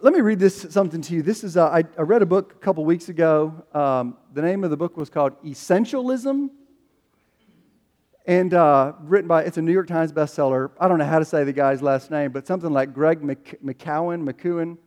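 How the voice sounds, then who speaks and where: A man preaching a sermon as a pastor, animated, acting out the voices he quotes. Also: a little high, fairly quick. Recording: long hall reverb.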